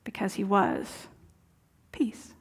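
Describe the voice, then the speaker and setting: Earnest woman preaching conversationally. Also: takes it slowly. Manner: conversational, earnest, drops to soft asides. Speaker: minister. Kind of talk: sermon. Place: church sanctuary.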